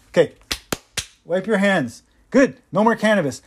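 A man's voice: high-pitched, lively intonation, normal speed, pauses often, husky. A man hosting his own podcast, giving impassioned, sarcastic solo commentary with mocking asides. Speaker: podcast host.

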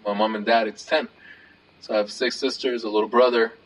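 Halting low-voiced male host. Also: level tone. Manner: halting, soft-spoken, many fillers. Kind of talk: casual conversation. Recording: distant mic with faint noise.

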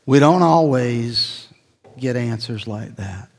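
A middle-aged man preaching a sermon, telling a personal story, his voice swelling and then dropping low. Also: lively intonation, takes it slowly, vocal fry, big-room sound. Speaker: pastor.

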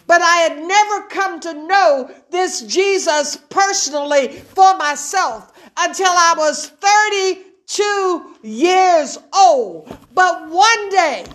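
Middle-aged female preacher, high-pitched, deliberate fervent sermon delivery. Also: animated, fairly bright tone. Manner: emotional, fervent preaching with call-and-response.

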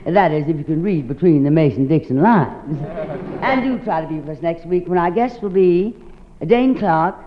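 Husky theatrical woman radio host. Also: on the low side, expressive, normal speed, in a large hall, slight background noise. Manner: theatrical, drawling, calls everyone darling. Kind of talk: 1950s radio variety show sign-off. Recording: dull lo-fi 1950s radio broadcast. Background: faint orchestra music.

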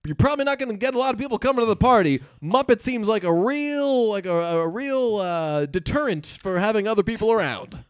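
A man with a strikingly high voice hosts a jokey morning radio call-in, rambling and teasing his co-host. He slips into a slight put-on southern twang. The sound is close and dry, with no room around it. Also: expressive, a little fast, hardly any pauses, clear, resonant tone, no echo. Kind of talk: comedic call-in radio banter.

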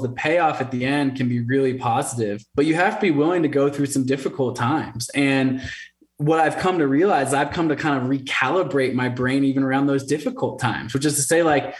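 A man in his thirties, an interview guest telling his story in an animated way, acting out the voices of others. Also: mid-range voice. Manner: animated, acts out quoted voices. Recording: roomy echo.

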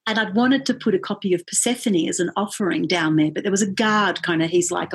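Husky woman telling stories animatedly. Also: quick pace. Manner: animated, acts out quoted voices with big pitch jumps. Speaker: musician and podcast guest. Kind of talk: casual storytelling chat.

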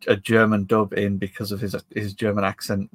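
A British man co-hosting a podcast, asking hesitant, halting questions in casual chat. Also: fairly low pitch, level tone, no room sound. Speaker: podcast co-host.

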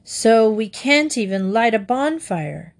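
A woman's voice: on the high side, sing-song, slow, heavily acted. A woman reading a storybook aloud and voicing a middle-aged father who speaks in a plain, matter-of-fact way. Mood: dismayed.

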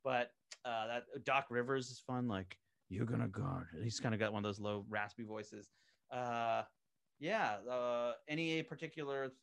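A man who voices characters on an animated series, chatting eagerly and at length in a casual interview, full of fillers and restarts. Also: medium pitch, a little slow, smooth. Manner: rambling, many fillers and restarts; eager, enthusiastic. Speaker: voice actor on an animated web series, interview guest.

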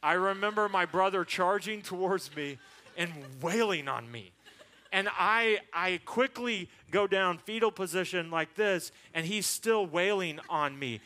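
A man preaching a sermon, telling a personal story and acting out the people in it in a lower voice. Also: lively intonation, unhurried, pushed and bright. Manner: storytelling, acts out quotes in a lower voice. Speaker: pastor. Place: church.

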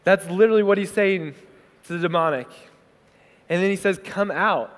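A man preaching a sermon as pastor, conversational and animated, slipping into quick acted asides. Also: high-pitched, smooth. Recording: hall reverb.

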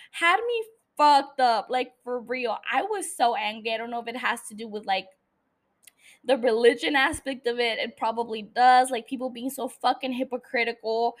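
Woman podcast host, high voice, emotional, foul-mouthed casual recap. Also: fairly bright tone. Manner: emotional, heavy swearing, angry ranting.

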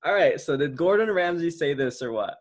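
A man chatting on a casual podcast, teasing and quizzing his friend. His voice sits a bit high and has some huskiness to it. He laughs easily and his pitch swings widely as he talks. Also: expressive, brisk. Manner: giggly, laughs often, playful quizzing. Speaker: podcast host.

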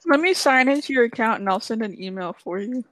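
A teenage girl with a fairly high voice chats casually and teases her friend with dry, deadpan jokes. The sound is dry and close-miked. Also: fairly quick, dry recording, poor audio. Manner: teasing, dry humor. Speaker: student. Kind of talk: casual chat.

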